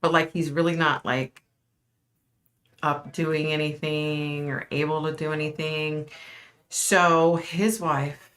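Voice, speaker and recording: A woman's voice: sits low, level tone, slow, fairly bright tone. A middle-aged woman hosting a casual livestream, chatting and answering viewer comments. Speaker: livestream host.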